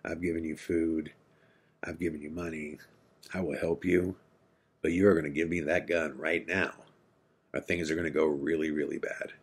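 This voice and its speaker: A calm, steady father giving hard orders, as a man telling the story quotes him. The voice is low and quiet, every word firm and controlled. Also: normal speed, husky, full character voice. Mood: commanding. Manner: steady, commanding.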